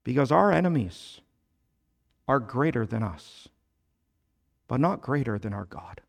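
A man preaching a sermon, explaining scripture slowly and building to loud, emphatic prayers. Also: medium pitch, expressive, vocal fry. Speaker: pastor.

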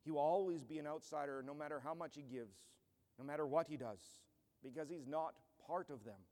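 A man's voice: fairly high pitch, a little fast, darkish tone, in a large hall. A man pastor preaching an earnest, emphatic expository sermon in a church.

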